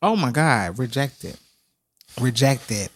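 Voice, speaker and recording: A man co-hosting a podcast, talking in an animated, dramatic and emotional way, close to tears at times. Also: mid-range voice, slow pace. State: tearful. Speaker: podcast co-host. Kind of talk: casual podcast chat.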